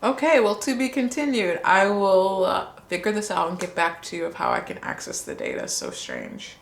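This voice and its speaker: A woman vlogging casually, excitable and gushing as she reads her results aloud. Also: mid-range voice, moderate pace, vocal fry, reverberant.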